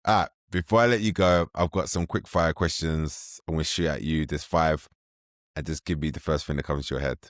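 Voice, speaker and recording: Deep-voiced English man hosting a podcast. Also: steady tone, a little fast, dry recording, studio quality. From England. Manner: chatty, self-deprecating, informal. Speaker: podcast host. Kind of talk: casual podcast interview.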